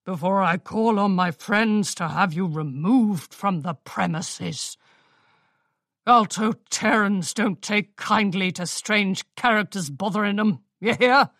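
A woman voicing a paranoid, gruff old male pony shopkeeper who snarls and barks his lines. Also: medium pitch, slow, a bit bright, dry recording, clean studio sound. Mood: threatening. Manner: snarling, barking.

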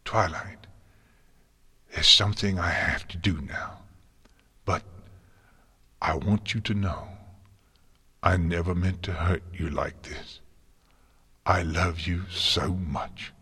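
A man voicing a weary, dying mare princess, who speaks to her student in a weak, raspy, tender whisper. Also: low voice, fairly even intonation, slow pace, pauses often, bright, forceful tone, full character voice. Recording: long hall reverb.

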